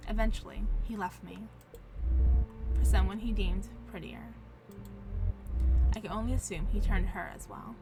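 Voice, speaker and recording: A woman voicing a solemn, formal woman vampire ghost who speaks in measured, old-fashioned phrases, with game music behind. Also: mid-range voice, fairly even intonation, close to an everyday voice.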